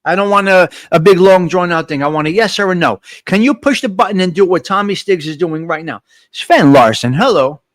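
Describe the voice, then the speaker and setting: Motivational male livestream host, high voice. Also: fairly quick, no room sound, studio quality. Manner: motivational, repetitive, addresses viewers directly. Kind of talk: casual live morning chat, reading chat comments.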